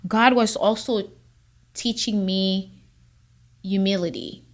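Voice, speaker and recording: A woman's voice: medium pitch, steady tone, slow. A woman attorney hosting her own show, giving an earnest personal testimony and sometimes close to tears. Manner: emotional, near tears at times; earnest, encouraging. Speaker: podcast host, immigration attorney.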